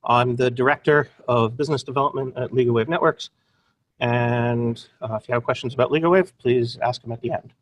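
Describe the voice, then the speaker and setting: A man presents a webinar in an upbeat, playful way and slips in jokes. His voice sits at a middle pitch. He talks like someone at ease in front of an audience. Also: a little fast.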